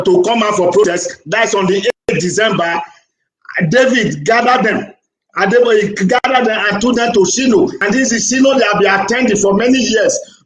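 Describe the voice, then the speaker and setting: Fervent, high-voiced male caller, echoey. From Nigeria. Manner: fervent, repetitive, emphatic. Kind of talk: emotional call-in speech.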